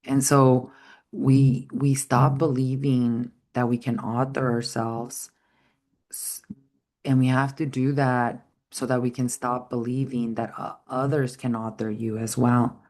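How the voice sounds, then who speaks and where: A woman's voice: very deep voice, level tone, slow, darkish tone. A woman giving an earnest, heartfelt spiritual teaching talk, rambling at times with frequent fillers.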